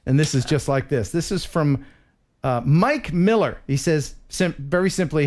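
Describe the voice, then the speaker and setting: A man's voice: a little high, normal speed, darkish tone. A man hosting a casual live stream who laughs often and reads viewer messages aloud. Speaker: host.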